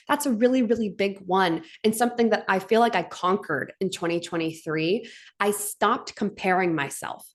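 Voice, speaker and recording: Woman, live-stream host, heartfelt and gushing, everyday pitch, webcam sound. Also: moderate pace. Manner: gushing and heartfelt, tearing up at times, fillers like "like". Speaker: host of a live stream for her business community. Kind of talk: emotional motivational live stream.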